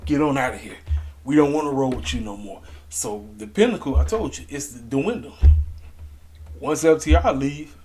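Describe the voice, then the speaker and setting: A man giving casual, emphatic wrestling commentary to camera, talking in a slangy, animated way. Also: mid-range voice, a little hiss or hum. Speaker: wrestling review vlogger.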